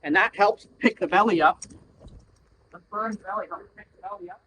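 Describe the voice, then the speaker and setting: Blunt, high-voiced man coaching from horseback. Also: moderate pace, bright, forceful tone, slight background noise, rough recording. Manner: blunt, profane, acts out voices to explain; talking while riding a horse. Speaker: horse trainer. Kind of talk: coaching during a training session.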